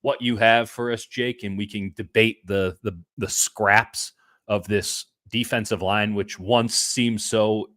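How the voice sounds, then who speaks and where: A man hosting a casual sports podcast, talking with animated swings between loud and soft. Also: lowish voice, slow, dry recording, studio quality. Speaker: podcast host.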